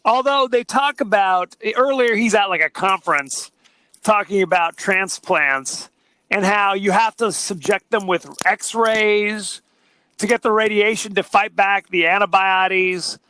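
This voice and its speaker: A man's voice: high-pitched, measured pace, sharp tone, clean tone, dry recording. A man co-hosting a podcast, casually chatting about a movie and retelling scenes with jokey mock quotes. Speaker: podcast co-host.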